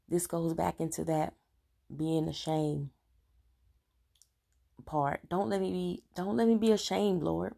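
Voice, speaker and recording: A woman's voice: lowish voice, steady tone, takes it slowly, gravelly, long pauses, warm tone. Earnest woman giving a confessional devotional talk. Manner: earnest, preachy, direct address to viewers. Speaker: Christian vlogger sharing her faith journey.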